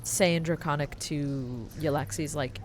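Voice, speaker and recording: A woman's voice: sits low, steady tone, unhurried, slight background noise. A woman playing in a tabletop game, chatty and enthusiastic. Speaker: player. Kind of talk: casual tabletop game chat.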